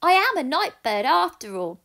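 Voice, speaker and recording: Woman doing a high, timid baby owl. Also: big pitch swings, moderate pace, bright, forceful tone, exaggerated voice. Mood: eager. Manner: high, eager and wide-eyed. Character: small timid young male owl chick.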